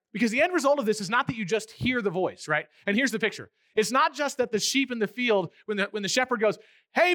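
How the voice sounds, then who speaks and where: A male pastor preaching a conversational sermon, animated and acting out little voices as he goes. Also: high-pitched, dry recording, clean studio sound.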